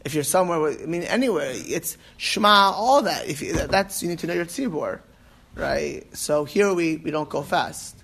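Gravelly, husky man teaching a class. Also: on the high side, animated, moderate pace, fairly bright tone. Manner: rambling, restarts often, emphatic asides. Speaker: rabbi teaching about prayer. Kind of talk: informal class talk.

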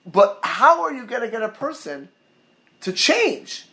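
A man giving a Torah class to his community, telling stories in an animated way with many restarts and Hebrew and Yiddish terms mixed in. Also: very high-pitched, a little slow. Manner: animated storytelling, many restarts, rising to near-shouts. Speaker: rabbi teaching a Torah class.

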